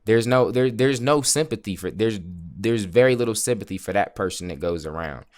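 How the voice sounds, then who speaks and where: Male vlogger, lowish voice, earnest and frank, motivational chat to camera. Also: expressive, a little fast, darkish tone. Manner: earnest, frank, repeats words when building a point. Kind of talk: motivational casual vlog talk.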